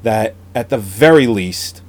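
A man's voice: on the low side, lively intonation, measured pace. A man in casual podcast chat, blunt and opinionated, swearing freely.

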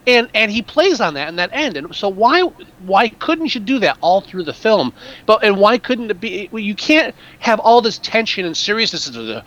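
A man co-hosting a podcast, chatting casually about a film in an animated, rambling way with many restarts. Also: high voice, moderate pace, rough recording. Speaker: podcast co-host.

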